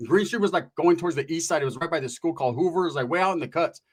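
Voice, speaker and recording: A man's voice: a little high, rapid-fire. A man from Central California telling a comedic story in rambling, profane street slang.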